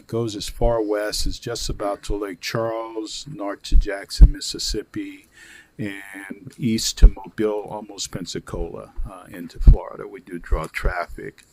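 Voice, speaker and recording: A man with a fairly low voice presents a report to a local council. His delivery is halting and full of "uh" fillers. He speaks from a council meeting chamber. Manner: hesitant, many "uh" fillers. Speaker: airport director giving a report.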